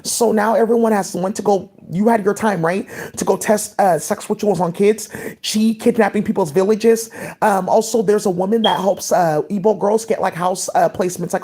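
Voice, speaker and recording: A woman's voice: mid-range voice, normal speed, mellow, breathy edge. A woman talking in a rambling, scattered monologue as a vlogger, with many "like" fillers.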